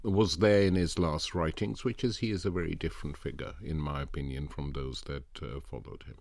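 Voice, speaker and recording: A man's voice: extremely low pitch, steady tone, a little fast, gravelly, darkish tone, no room sound. An older man giving long, expansive answers as a guest in a political interview, piling up examples.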